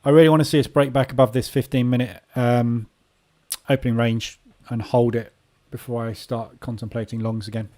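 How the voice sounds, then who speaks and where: Casual male host, dark mellow tone, muses aloud over live charts. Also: mid-range voice, flat delivery, a little fast. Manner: casual, thinking aloud while watching charts. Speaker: trading room host. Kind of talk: live market commentary.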